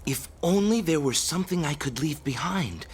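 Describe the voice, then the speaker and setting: A wistful, earnest young hero, voiced by a man. His voice sits a touch high and moves expressively. Faint ambience sits behind him. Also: animated, moderate pace, a little hiss or hum, close to an everyday voice.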